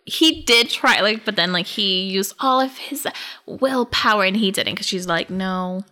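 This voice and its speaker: A woman's voice: mid-range voice, normal speed, bright, forceful tone. A young woman chatting casually as a podcast co-host, recapping a book, laughing often and acting out the characters' lines.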